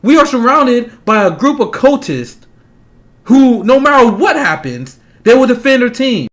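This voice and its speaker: A man's voice: very high-pitched, sing-song. A man delivering a heated, profane political rant, angry and laughing scornfully between points. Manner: angry, fast, profane, laughs mid-sentence. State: agitated. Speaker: political commentator.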